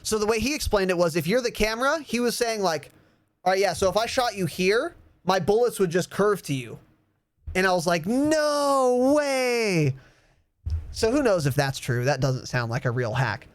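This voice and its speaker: Young male podcast host with an animated, laughing storytelling style, slightly high pitch, dry close sound. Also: a little fast, no room sound. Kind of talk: casual storytelling.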